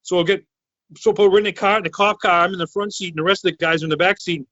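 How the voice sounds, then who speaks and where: Man, thirties, from Massachusetts, loud rambling storyteller, forceful bright voice, dry dull lo-fi sound. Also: high-pitched, fast, no room sound. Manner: loud, excitable, rambling with restarts. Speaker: podcast co-host. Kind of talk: casual storytelling chat.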